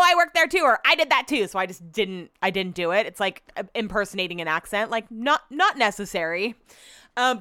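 Young adult female podcast host, slightly high, smooth clear tone, gabby storyteller, dry close mic. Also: dry recording. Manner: animated storytelling, swearing, lots of "like". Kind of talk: casual chat.

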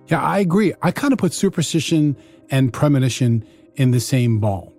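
A man's voice: mid-range voice, animated, moderate pace, darkish tone, faint music behind. A man hosting a true crime podcast, narrating the case and putting questions to his co-host. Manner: storytelling, posing questions to co-host.

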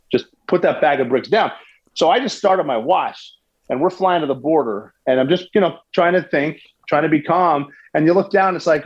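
Man, husky, slightly high voice, animated storyteller, dull lo-fi sound. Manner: animated, with restarts and sports analogies. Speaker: guest recounting a military raid. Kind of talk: conversational storytelling.

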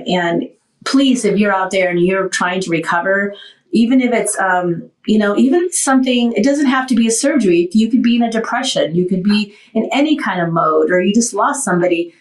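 A woman's voice: mid-range voice, animated, moderate pace, far from the mic. A woman hosting a talk show, telling her recovery story candidly and animatedly, tired after surgery. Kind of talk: casual talk show chat. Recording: roomy, off-mic sound.

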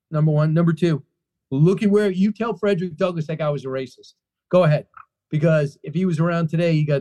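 A man answering interview questions about his book, telling it like a story with plenty of emphasis. His voice sits a bit higher than most men's yet sounds dark and mellow. He talks in bursts, restarting and repeating his key phrases. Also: fairly even intonation, a little fast. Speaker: author being interviewed.

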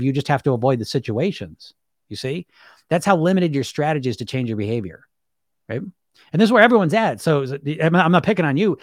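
A man's voice: a little high, no echo, studio quality. A man coaching viewers on weight loss through self-hypnosis in a blunt, emphatic monologue, swearing casually and asking rhetorical questions.

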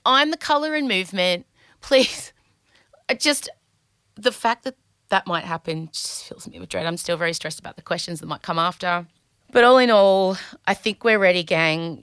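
Aussie lady podcast host rambling, bright sharp voice, swears a lot, nervy. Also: medium pitch, smooth, dry recording, studio quality. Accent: Australian. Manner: candid, anxious, chatty and swears freely. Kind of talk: casual podcast monologue.

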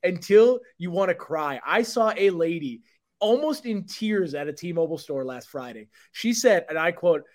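A podcast co-host with a slightly high voice rants at a moderate pace during casual conversation. His delivery is animated and heavily profane.

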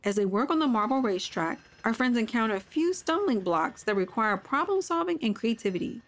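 A woman's voice: on the high side, expressive, brisk. A woman host reading a scripted children's story and the show's closing notes.

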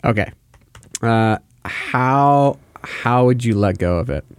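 A man's voice: mid-range voice, slow, smooth, dry recording, clean studio sound. A man co-hosting a casual faith podcast, explaining ideas with vivid word pictures. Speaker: podcast co-host giving advice.

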